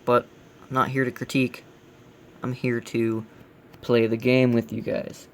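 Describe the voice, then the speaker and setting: A man with a gravelly voice hosting a casual let's play, giving blunt, grumbling critique as he plays. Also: mid-range voice, level tone, unhurried, slight background noise. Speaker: gaming channel host.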